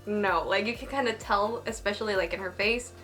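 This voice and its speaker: A young woman giving a casual, excited episode review, gushing and saying "like" constantly. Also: medium pitch, fairly quick, soft background music. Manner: gushing, excitable, heavy use of "like". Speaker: anime reviewer.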